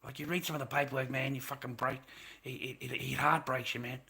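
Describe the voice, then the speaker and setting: A man with a bright, forceful voice rants freely on his livestream. His talk rambles and is full of swearing as he vents at length. The pitch sits in an ordinary middle range for a man. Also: fairly even intonation, fast talker, gravelly. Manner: rambling, profane, venting frustration. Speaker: livestream host. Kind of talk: unscripted livestream rant.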